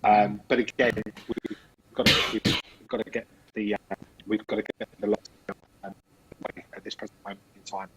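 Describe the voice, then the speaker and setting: A man's voice: lowish voice, flat delivery, normal speed, a bit bright, a little hiss or hum. A man working as a psychic medium, calling earnestly and repetitively on spirit over a video call. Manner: earnest, repetitive pleading invocations. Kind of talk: live spirit-calling session. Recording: dull lo-fi video call audio.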